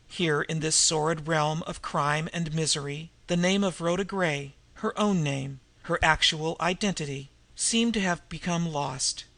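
A man reading a novel aloud in measured, even storytelling narration. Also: fairly high pitch, creaky, no room sound. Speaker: audiobook reader. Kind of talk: scripted narration.

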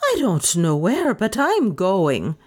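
A scornful, jumpy servant woman, voiced by a woman reading aloud. She speaks sharply and climbs into shrill, high cries, as in an audiobook. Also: wildly swooping pitch, takes it slowly, darkish tone, husky, full character voice. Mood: determined. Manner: scornful, then shrill and panicked.

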